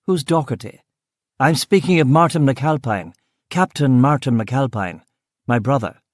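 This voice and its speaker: A man's voice: mid-range voice, lively intonation, a little slow, dry recording, studio quality. A man voicing an indignant, upper-class Anglo-Irish landowner of about forty, with a clipped, formal way of speaking. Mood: haughty. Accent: 1930s Anglo-Irish upper class.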